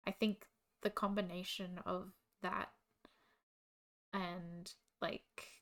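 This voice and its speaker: A woman's voice: medium pitch, fairly bright tone. A young Australian woman and teacher, muttering to herself with lots of fillers while chatting on a live stream. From Brisbane, Australia. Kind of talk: casual live-stream chat.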